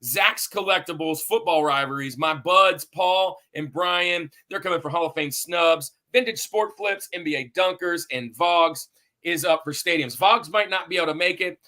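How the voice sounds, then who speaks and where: A man's voice: fairly high pitch, normal speed, bright, forceful tone. A man hosting a sports podcast in an upbeat, hype-building, somewhat rambling way. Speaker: podcast host.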